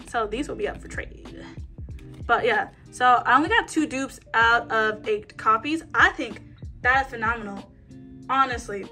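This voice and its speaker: A young woman chatting excitedly as she unboxes albums, counting down and squealing at each reveal. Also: high-pitched. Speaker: K-pop album unboxing vlogger. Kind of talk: excited casual unboxing chat.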